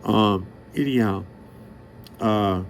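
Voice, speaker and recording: A middle-aged man with a somewhat low voice delivers a rambling monologue straight to the listener. He is brash and crude, bragging and peppering his talk with street slang. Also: takes it slowly, slight background noise. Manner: profane, boastful, streetwise; rambling, loses track of the story. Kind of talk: rambling direct-to-camera monologue.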